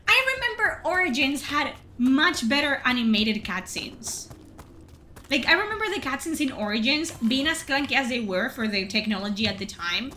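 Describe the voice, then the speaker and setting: Spanish-accented woman streamer, high bright voice, sarcastic swearing rant over gameplay. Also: a little hiss or hum. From Spain. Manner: sarcastic, profane, exasperated. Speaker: streamer reviewing a video game. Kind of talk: ranting game commentary.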